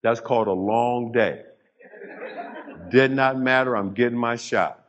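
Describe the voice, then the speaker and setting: An older man speaking to a live audience and telling his story. He talks in a mid-range voice, pausing for effect and building to emphatic peaks. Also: medium pitch, lo-fi sound. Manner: storytelling with dramatic pauses and rising emphasis. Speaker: motivational speaker.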